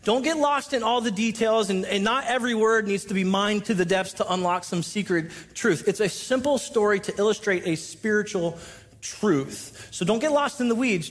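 Male pastor, high-pitched, conversational sermon delivery with dramatic dynamics. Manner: conversational preaching, reads scripture aloud, dramatic volume swings.

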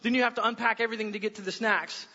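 Male pastor, high and bright, animated storyteller; muffled recording in a reverberant church hall. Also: racing. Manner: animated storytelling, acts out voices. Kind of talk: sermon with personal story. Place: church auditorium.

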